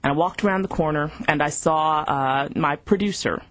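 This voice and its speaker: A woman's voice: deep voice, a little fast. A middle-aged woman, a television news anchor telling a personal story in an interview and acting out what people said. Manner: animated, acts out what people said.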